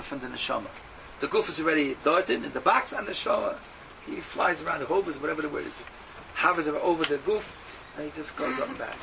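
A man giving a sermon to a class, mixing in Yiddish and Hebrew terms and swinging from hushed tones to loud exhortation. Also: fairly high pitch. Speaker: Torah teacher. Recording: dull lo-fi audio from a distance with faint hum.

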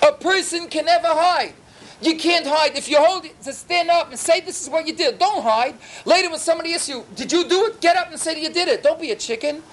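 A man teaching a Torah class, telling stories with animated swings in pitch and many rhetorical questions. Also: a little fast.

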